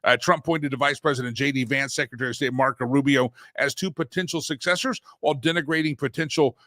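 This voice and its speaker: A man's voice: mid-range voice, fast talker, pushed and bright, dry recording, clean studio sound. A man hosting a morning talk show, chatty and joking, with rambling asides. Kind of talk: casual news commentary show.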